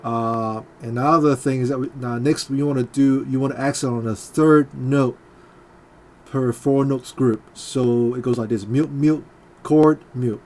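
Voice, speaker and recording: A man speaking a little slowly, with a medium pitch and fairly even intonation, teaches a guitar part over loud guitar playing. His delivery is casual and hesitant, heavy on fillers, with beats counted out loud.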